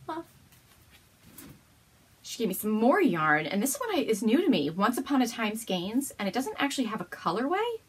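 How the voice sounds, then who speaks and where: A woman hosting her podcast from home runs a casual show-and-tell episode, gushing, bubbly, and frequently laughing mid-sentence. Her voice is mid-range and husky.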